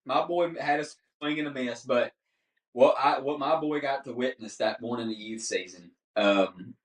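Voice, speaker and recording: A man's voice: mid-range voice, moderate pace. Man telling hunting stories, roomy. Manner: animated, laughs often, says "dude" a lot. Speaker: guest hunter. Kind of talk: casual storytelling on a podcast. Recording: roomy, distant mic.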